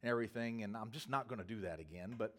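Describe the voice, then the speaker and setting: A man's voice: on the low side, very fast, fairly bright tone. Rambling, jokey male pastor telling a story. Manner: rambling, humorous, self-correcting storyteller. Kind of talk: storytelling sermon.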